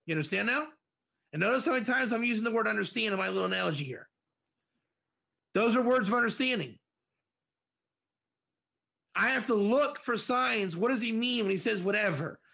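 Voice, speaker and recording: A male teacher whose voice sits high and bright, with a gravelly fry running under it. He leads an interactive class on Proverbs, acting out little scenes and answering students by name. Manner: animated, dramatizes examples, answers students by name. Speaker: Torah teacher.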